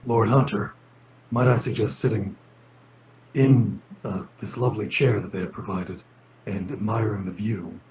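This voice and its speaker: A man's voice: on the low side, fairly even intonation, normal speed, a little mellow, slight background noise, natural voice, rough recording. A man voicing a courteous, formal male character in a tabletop game, with courtly phrasing.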